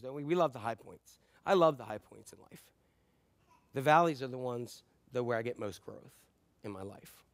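A man preaching a sermon in a conversational way, repeating key phrases and dropping frequent ums, moving between loud emphatic lines and quiet low asides. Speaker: pastor.

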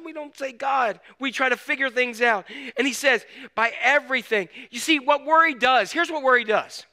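Middle-aged man, pastor, sermon, high bright voice, animated, loud then hushed, rhetorical questions. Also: normal speed. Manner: conversational asides and rhetorical questions.

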